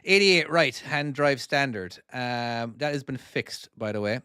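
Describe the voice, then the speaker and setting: A man's voice: mid-range voice, lively intonation, measured pace, sharp tone, clear, resonant tone, no room sound. Chatty Cork Irish man, dry sound. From Ireland (Cork). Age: 40s. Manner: rambling, repeats and restarts words, chatty and self-deprecating. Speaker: indie game developer and streamer. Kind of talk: casual livestream chat while playing and reading comments.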